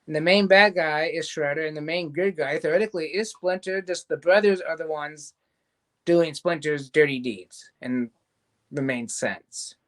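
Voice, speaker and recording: A man's voice: fairly high pitch, moderate pace, fairly bright tone. Rambling man recapping a cartoon episode. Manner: rambling recap, loose quoting of scenes. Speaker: show host reviewing a cartoon series. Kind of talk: casual review chat.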